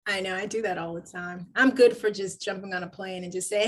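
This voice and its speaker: Animated woman telling showbiz stories. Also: mid-range voice, fast talker, hardly any pauses. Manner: animated storyteller acting out quoted lines. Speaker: actor guest. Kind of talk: casual interview chat.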